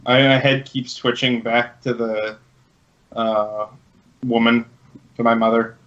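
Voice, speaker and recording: A man playing a tabletop game, answering hesitantly and haltingly. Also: mid-range voice, flat delivery, fairly bright tone, lo-fi sound. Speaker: player.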